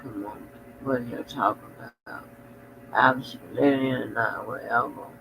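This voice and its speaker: A man's voice: medium pitch, steady tone, moderate pace, vocal fry, noisy background. A very sleepy man hosting a casual livestream, rambling and drowsy, trailing off into mumbles as he yawns. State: very sleepy, yawning. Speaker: livestream host.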